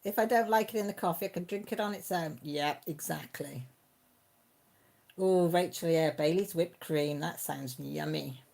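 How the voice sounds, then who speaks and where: A woman hosting a casual live stream, chatting warmly with viewers by name and laughing often. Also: low voice, moderate pace, gravelly. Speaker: channel host reading live chat.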